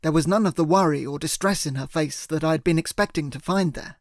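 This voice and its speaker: A man narrating a first-person thriller audiobook in a steady, earnest way. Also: a little high, fast talker, no room sound, clean studio sound.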